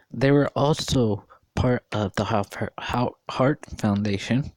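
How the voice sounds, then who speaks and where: A man's voice: mid-range voice, darkish tone, no room sound. A man in his thirties giving an earnest, repetitive opinion monologue, often repeating and questioning. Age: 30s. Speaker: vlogger.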